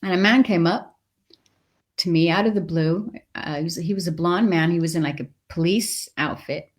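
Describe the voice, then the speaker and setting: A middle-aged woman, a guest in an interview, telling a personal story with animated delivery and acting out the voices in it. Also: on the low side, moderate pace.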